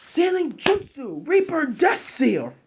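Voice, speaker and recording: A man's voice: high voice, expressive, a little fast, creaky, fairly bright tone, slightly rough, pitched above the performer's own voice, exaggerated voice. A man voicing a grave, self-sacrificing old male village leader in a fan-made story narration. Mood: battle cry. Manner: solemn, raising his voice for a battle cry.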